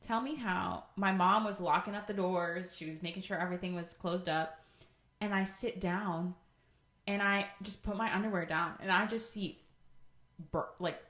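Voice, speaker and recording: A woman's voice: lowish voice, fairly even intonation, moderate pace, fairly bright tone. A woman co-hosting a podcast in casual chat, playful and teasing. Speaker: podcast co-host. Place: Florida. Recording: echoey room.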